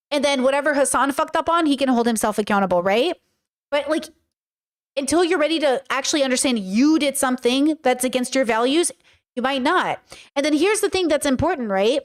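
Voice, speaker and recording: A woman's voice: sits high, expressive, a little fast. A woman hosting a casual reaction commentary, talking bluntly and emphatically with a lot of swearing. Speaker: commentary host.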